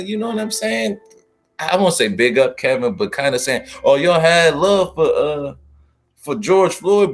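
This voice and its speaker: Animated slangy man hosting a livestream. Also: on the high side. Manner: animated, slangy, talks straight to chat. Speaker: livestream host. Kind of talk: casual livestream commentary.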